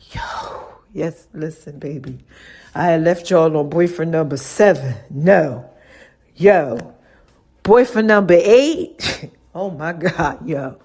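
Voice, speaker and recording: A woman's voice: sits low, animated, slow, a little mellow, breathy edge. A woman speaking, hosting a podcast as a casual monologue, slangy and playful, often laughing. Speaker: podcast host.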